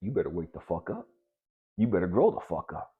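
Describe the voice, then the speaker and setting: A man's voice: low voice, wildly swooping pitch, fairly quick. A middle-aged man giving a blunt, profane motivational exhortation, hammering his points with repetition. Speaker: motivational speaker. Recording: dull lo-fi recording.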